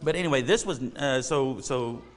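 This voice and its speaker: A man's voice: medium pitch, moderate pace, big-room sound. A man preaching a sermon, telling a story in a casual, rambling way with many fillers.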